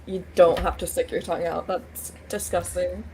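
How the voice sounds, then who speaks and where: A woman's voice: on the low side, flat delivery, moderate pace, dark tone, a little hiss or hum, poor audio. A woman on a video call, playing in an online tabletop game, who teases the others and laughs a lot. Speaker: player. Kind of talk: casual online tabletop role-play.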